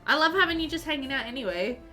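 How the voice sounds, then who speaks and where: A woman's voice: high voice, expressive, quick pace, bright, forceful tone, faint music behind. A woman streaming a life-sim game live, chatting loosely, laughing often and reading out her chat as she plays.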